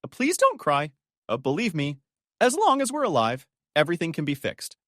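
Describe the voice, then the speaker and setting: A man reading the lines of a kind, steady widowed father who comforts a crying woman. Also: on the high side, normal speed, dry recording, studio quality, pitched above the performer's own voice. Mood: reassuring. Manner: gentle, reassuring.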